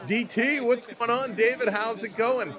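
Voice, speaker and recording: A man with a high voice calls the action as a live-stream host in a loose, chatty way. He rattles off play-by-play and breaks off to greet viewers by name. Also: a crowd in the background. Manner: rapid play-by-play calling of hockey action.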